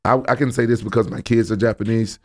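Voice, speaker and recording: A man telling a story in a casual chat, animated and profane, often repeating himself. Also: fairly low pitch, fast talker. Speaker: podcast guest.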